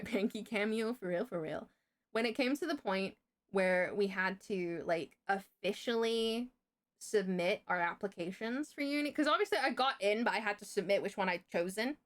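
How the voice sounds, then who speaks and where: A woman's voice: medium pitch, fairly bright tone. A young woman on a livestream, telling a story in casual chat, chatty and swearing freely. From Britain.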